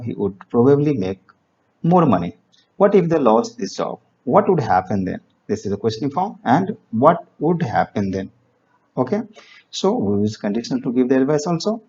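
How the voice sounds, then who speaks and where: A man teaching grammar, reading example sentences slowly and explaining with fillers. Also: medium pitch, mellow, breathy edge. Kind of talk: classroom grammar lesson. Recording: dull lo-fi recording.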